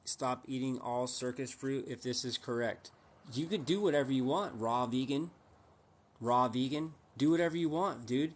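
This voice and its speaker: A man's voice: mid-range voice, normal speed. Pushy man ranting on a livestream. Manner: pushy, rhetorical, teasing, talks to chat. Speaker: livestream host. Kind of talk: casual livestream rant.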